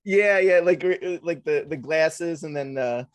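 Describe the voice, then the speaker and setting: A man co-hosting a podcast in casual chat, laid-back and joking, with halting fillers. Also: a little high, no echo. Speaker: podcast co-host.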